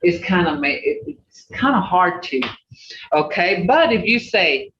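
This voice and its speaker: A language teacher leads a class over a video call, folksy and plain-spoken, saying words over and over so students catch each sound. The delivery is unhurried, and the pitch swoops up and down with a lively lilt. The audio is distant and roomy, dull, with a faint hiss underneath. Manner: repeats native words slowly to drill sounds. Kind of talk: online language class, pronunciation drill.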